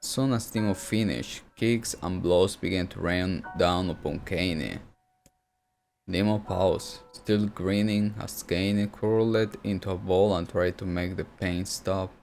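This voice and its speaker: Man, narrator, reading a novel aloud, steady, clear background music. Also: deep voice, slow. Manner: steady storytelling with brief asides.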